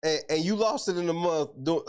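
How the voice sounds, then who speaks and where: A host giving comedic commentary on a clip, incredulous, loud and profane, laughing often. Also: medium pitch, normal speed, clean tone.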